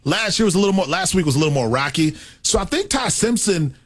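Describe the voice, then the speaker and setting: Animated, opinionated sports-talk man. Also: sits high, fast. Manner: opinionated, thinks aloud with many "I think" asides. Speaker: sports talk show co-host.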